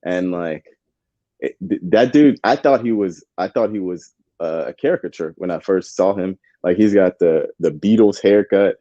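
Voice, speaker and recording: A man co-hosts a live match watchalong, chatting casually on stream in a laid-back, slangy way and laughing often. His low, warm voice moves at normal speed. The recording is dry and muffled.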